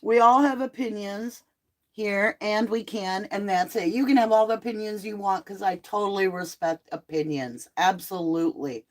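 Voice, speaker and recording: A middle-aged woman hosting a live true crime tarot chat from home, talking casually and bluntly with animated asides while she is sick on cough medicine. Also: medium pitch, normal speed. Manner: chatty, blunt, animated asides and mock quotes.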